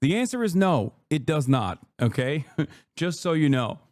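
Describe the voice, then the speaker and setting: A man's voice: fairly high pitch, very animated, a little slow, a little mellow, dry recording. A man reacting to an interview clip in casual commentary, blunt and profane, mocking the clip and laughing often.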